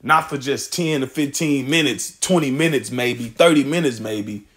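A man's voice: mid-range voice, moderate pace, fairly bright tone. A man teaching scripture in a loose, casual way, swearing and laughing often as he reads verses aloud.

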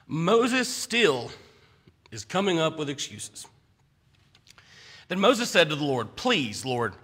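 A man's voice: a little high, bright, forceful tone, breathy edge. A man preaching a conversational sermon in a church, often stumbling and restarting his words.

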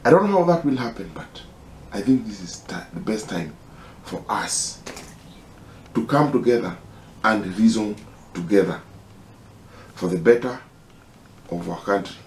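A man with a Kenyan accent making an impassioned, halting personal appeal, pleading and repeating himself. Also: on the low side, animated, a little mellow, echoey room, a little hiss or hum. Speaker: concerned citizen.

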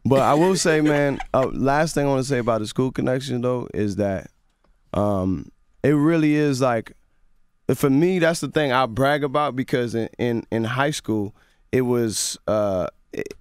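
A young man talks casually as a guest in a radio studio, looping back and restarting as he tells stories. His voice is smooth and clear. The close studio mic leaves it dry. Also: mid-range voice, a little slow, dry recording. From grew up partly in Nigeria and the US. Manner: relaxed, storytelling, many restarts. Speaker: guest musician. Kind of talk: casual radio interview chat.

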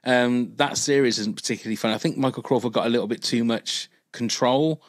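A man's voice: medium pitch, fairly even intonation, fast talker, dry recording. A British man hosting a podcast, chatting casually and laughing easily as he recounts comedy scenes. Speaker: podcast host. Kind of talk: casual chat.

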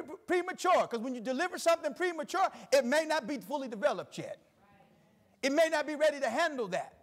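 Male pastor, middle-aged, very high voice, preaches with emphatic repetition. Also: fairly bright tone. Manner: preaching with rising emphatic repetition, reading scripture slowly. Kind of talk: sermon.

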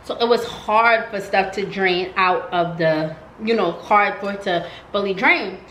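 A woman vlogger chats through a storytime in a casual, animated way, leaning on "like" as she goes. Her voice is bright and forceful. The sound has a roomy echo with a faint hum behind it. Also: medium pitch, unhurried. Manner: chatty, animated, heavy use of "like".

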